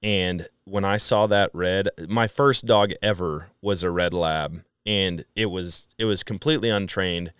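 A middle-aged man from Wisconsin, a podcast guest who tells stories in a casual, animated way and acts out quoted dialogue. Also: deep voice, unhurried, few pauses, smooth, dry recording, clean studio sound. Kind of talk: casual storytelling chat.

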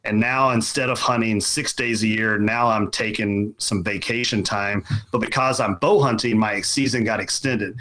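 Middle-aged male guest, low voice, loose chatty storyteller full of restarts. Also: fairly even intonation, normal speed, few pauses, sharp tone, poor audio. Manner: rambling, repeats words, filler-heavy. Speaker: podcast guest. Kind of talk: casual storytelling.

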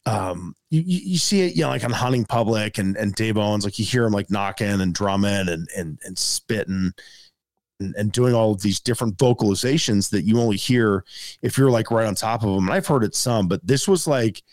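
A man telling a casual story as a podcast guest, rambling and animated, full of fillers like "man" and "dude.". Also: fairly low pitch, fairly quick, dry recording, studio quality.

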